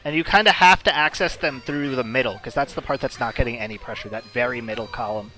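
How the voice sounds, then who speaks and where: A man's voice: medium pitch, quick pace, pushed and bright, soft background music. A man doing casual live commentary on a puzzle game tournament, chatty and explanatory, with many fillers.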